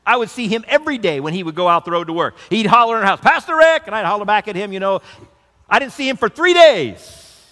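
A man's voice: sits high, lively intonation, quick pace, pushed and bright, big-room sound. A man preaching as a pastor, telling a story and leading an earnest prayer. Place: large tent meeting with long reverb.

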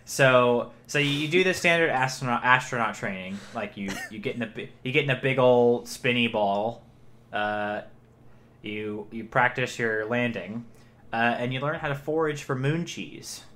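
A man's voice: medium pitch, moderate pace, fairly bright tone, a little hiss or hum. A man co-hosting a podcast in casual comedic banter, riffing earnestly and thinking aloud. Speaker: podcast co-host.

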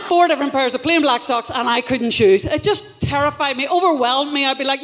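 A woman's voice: sits high, moderate pace, fairly bright tone. A woman from Northern Ireland with a Northern Irish accent, performing a live stand-up comedy set in a wry, self-deprecating, punchy way, swearing freely. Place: live show in a theatre venue.

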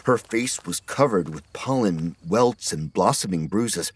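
A man narrating an audiobook horror story in a steady scripted reading. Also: low voice, a little slow, few pauses, breathy edge.

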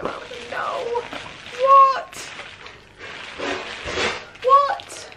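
A woman in her fifties unboxing gifts on her vlog, gushing and stammering with excitement, repeating her exclamations. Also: sits high, slow pace, noisy background. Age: 50s. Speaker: vlogger.

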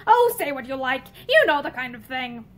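A domineering husband from a storybook speaks in short, clipped commands, as a woman reads him aloud. The voice sits high and swings lively up and down. He sounds bossy and sure of himself. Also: normal speed. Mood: stern. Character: curt, domineering husband, a man.

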